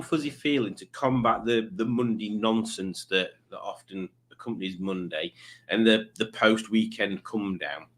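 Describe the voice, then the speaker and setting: A man's voice: mid-range voice, fairly bright tone. A man hosting a live stream, chatting casually and reading out viewer messages in silly voices. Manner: joking, reads chat messages aloud in silly voices. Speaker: livestream host.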